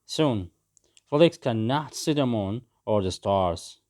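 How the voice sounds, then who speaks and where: A man reading a simple story aloud for English learners, with clear, simple phrasing. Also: on the low side, animated, takes it slowly, darkish tone. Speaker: story narrator.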